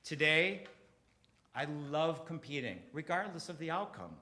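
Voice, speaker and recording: A middle-aged man performing a confessional storytelling comedy set on a theater stage, swinging from quiet to loud and emphatic. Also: on the high side, sing-song, unhurried.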